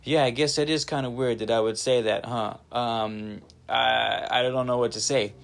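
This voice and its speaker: A man's voice: medium pitch, fairly even intonation, normal speed, gravelly, close to an everyday voice. A man doing an evasive friend who trails off. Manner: hesitant, vague, trailing off. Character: evasive male friend dodging an argument.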